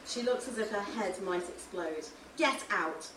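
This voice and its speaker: A woman reading a first-person novel aloud, with a wry, lively delivery. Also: medium pitch, moderate pace, a little hiss or hum. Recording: roomy room, distant mic.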